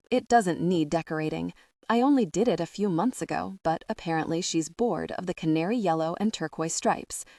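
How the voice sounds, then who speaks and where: A woman narrating a first-person romance audiobook in a measured, wry way. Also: on the low side, a little mellow, no room sound, clean studio sound.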